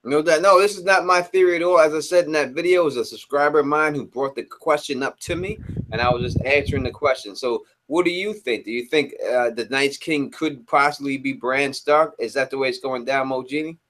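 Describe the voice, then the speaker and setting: A man hosting a casual live podcast chat, animated and teasing, cursing freely as he moderates the guests. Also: mid-range voice, brisk, a little hiss or hum. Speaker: host.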